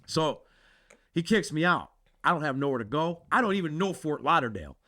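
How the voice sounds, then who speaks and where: A man from Connecticut, a podcast co-host telling a personal story in a profane, animated way. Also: a little high, fairly quick, dry recording, clean studio sound.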